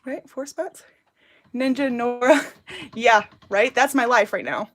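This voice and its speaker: A woman in her thirties with a somewhat high voice chats loosely through a crafting livestream. She rambles, greets viewers by name and answers their comments between steps. Her speech is casual and unscripted. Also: takes it slowly, fairly bright tone. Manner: chatty and rambling, reads out viewers' names and comments. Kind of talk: casual live-stream chat while crafting.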